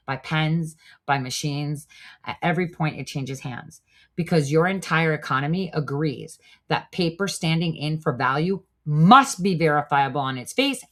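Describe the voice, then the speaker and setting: A woman's voice: low voice, a bit bright. A woman voicing a smug male foreign spy who taunts Americans, reading his lines dramatically with a mocking, lecturing tone.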